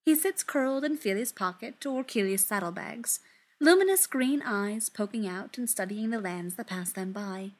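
A woman reading a story aloud in an expressive, unhurried way. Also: medium pitch.

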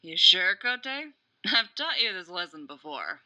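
A woman's voice: lowish voice, very animated, a little slow, pushed and bright, exaggerated voice. A woman reading the part of a cocky, mocking male soldier trainer in a sing-song, taunting way.

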